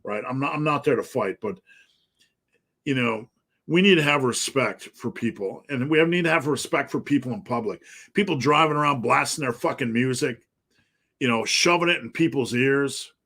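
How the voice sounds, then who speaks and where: A man's voice: medium pitch, moderate pace, bright, forceful tone. A man, a fitness coach answering live viewer questions, talking bluntly and profanely in an emphatic rant.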